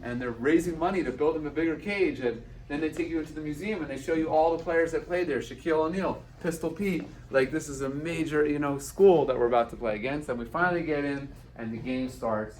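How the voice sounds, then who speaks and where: At an event hall, a man with a voice on the high side tells a personal story a little fast and with few pauses, animatedly acting out the voices of the people in it. The echoey room and his distance from the mic give the sound an open, roomy feel.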